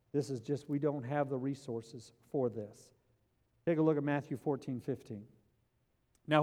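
High-voiced preacher in an echoing hall. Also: male voice. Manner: animated, repeats words, acts out biblical scenes. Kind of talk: sermon. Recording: long hall reverb.

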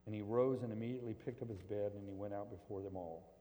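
A man preaching a sermon, swinging between loud emphatic stretches and quiet, low scripture reading. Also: quick pace. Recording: long reverb of a large hall.

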